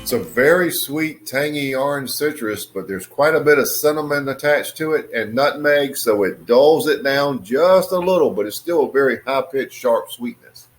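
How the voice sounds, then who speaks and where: A man casually reviewing a cigar on his video channel, in a relaxed, musing way with many fillers. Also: medium pitch, moderate pace, hardly any pauses, faint music behind.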